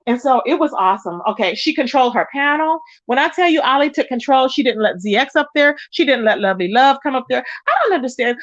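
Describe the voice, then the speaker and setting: A high-voiced woman hosts a casual gossip livestream, chatty and animated as she greets viewers by name. Her voice sounds dull and lo-fi in a dry, close space. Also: quick pace, hardly any pauses, dry recording. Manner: animated, pitch jumps up when excited. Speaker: live-stream gossip host. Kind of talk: casual live-stream chat.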